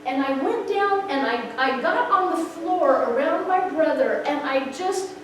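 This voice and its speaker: A middle-aged woman telling a personal testimony with expressive, story-driven delivery. She acts out the people in her story and her voice rises sharply at emotional moments. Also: sits high, a little slow, few pauses. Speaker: speaker sharing a personal testimony. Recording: echoey room, far from the mic, background noise.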